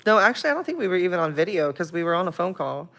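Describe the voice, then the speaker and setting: Woman, livestream host, casual chat, frequent swearing, quick laughs, emotional storytelling. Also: on the low side, very animated, fairly bright tone.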